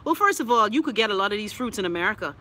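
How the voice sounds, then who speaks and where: A woman's voice: medium pitch, lively intonation, rapid-fire, bright, forceful tone, poor audio. Sassy, profane Bahamian woman host. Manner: sassy, blunt, profane, chatty. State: scratchy throat. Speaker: live-stream host reading viewer comments. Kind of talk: casual live-stream chat.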